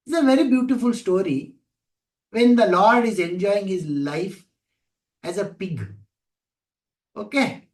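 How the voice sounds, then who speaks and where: A high-pitched man teaching a scripture class, telling a story with animated acted-out voices. He keeps asking his listeners questions. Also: unhurried, long pauses. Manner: animated storytelling, acting out voices of people and gods. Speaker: spiritual teacher.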